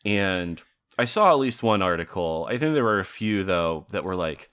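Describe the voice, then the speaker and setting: Lower-voiced man in digressive podcast chat. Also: expressive, moderate pace, fairly bright tone, smooth. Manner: digressive, laughs often, swears freely. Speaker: podcast co-host.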